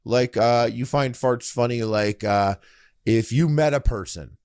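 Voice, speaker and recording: A man co-hosts a casual podcast, spinning long anecdotes and acting out the people in them. His voice is mid-pitched and recorded close and dry on a studio mic. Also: unhurried, smooth, no room sound. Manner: animated storyteller, acts out scenes. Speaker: podcast co-host.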